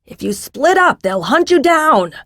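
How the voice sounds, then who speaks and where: Woman voicing a brash, shouting young man. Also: sits high, sing-song, a little slow, no echo, clean studio sound, pitched above the performer's own voice, exaggerated voice. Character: brash brave young man rallying others.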